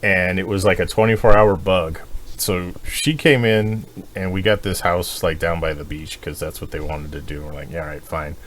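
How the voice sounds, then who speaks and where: A man co-hosting a podcast, telling a crude, animated story with lots of swearing and laughing. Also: low-pitched, normal speed. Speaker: podcast co-host. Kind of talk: casual chat.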